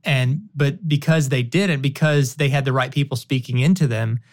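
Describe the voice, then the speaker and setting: A man's voice: mid-range voice, steady tone, moderate pace. A man co-hosting a marriage podcast, giving advice in an encouraging, conversational way. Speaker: podcast co-host. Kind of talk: casual conversation.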